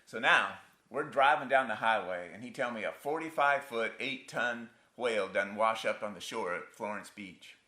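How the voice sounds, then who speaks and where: A man's voice: on the low side, animated, moderate pace, bright, forceful tone. A man acting a stage monologue as a grown son haunted by his abusive father, telling it in a wry, folksy rural dialect on a theatre stage. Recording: roomy theatre sound.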